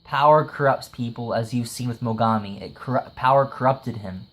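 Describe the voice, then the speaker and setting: Excitable man reviewing an anime episode. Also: mid-range voice. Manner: excitable, laughs often, many "like" fillers; retells scenes with quick acted quotes.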